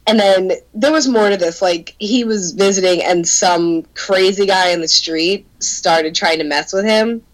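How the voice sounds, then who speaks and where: A young adult woman telling a story in casual chat, animated, laughing often, swearing and peppering her talk with "like.". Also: medium pitch, measured pace, hardly any pauses, poor audio.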